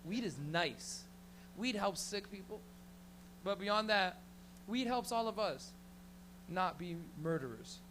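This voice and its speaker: A Canadian man with a high voice and lively intonation hosts an open mic comedy night on a small lounge stage, the background noisy. Holding a handheld mic, he tells rambling, profane stories at a rapid clip.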